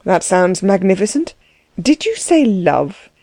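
A woman voicing a composed aristocratic landowner, speaking in a measured, coolly condescending way. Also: mid-range voice, very animated, warm tone, dry recording. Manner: cool, measured, dry.

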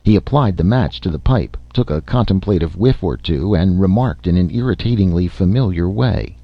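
A man narrating a story aloud in an expressive, dramatic reading style. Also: low-pitched, normal speed, no echo. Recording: slightly muffled lo-fi recording.

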